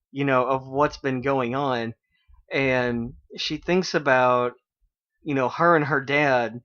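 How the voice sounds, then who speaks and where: A man's voice: mid-range voice, fairly bright tone. Chatty man hosting a lo-fi radio chat. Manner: chatty retelling with many fillers. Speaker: radio show host. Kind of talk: casual anime recap chat. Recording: dull lo-fi internet radio stream.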